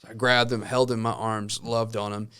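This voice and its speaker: A man in his thirties telling a personal story in casual chat, with lively, halting restarts. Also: on the low side, clean tone. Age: 30s. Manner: animated storytelling with many restarts. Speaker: co-host.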